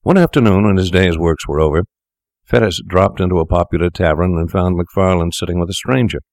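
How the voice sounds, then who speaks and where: A man giving measured, formal audiobook narration of a classic story. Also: sits low, darkish tone, dry recording, studio quality.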